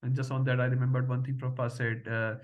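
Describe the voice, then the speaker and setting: A man's voice: medium pitch, level tone, fast, lo-fi sound. A middle-aged man teaching a devotional scripture class, telling stories and often checking in with a questioning "huh?".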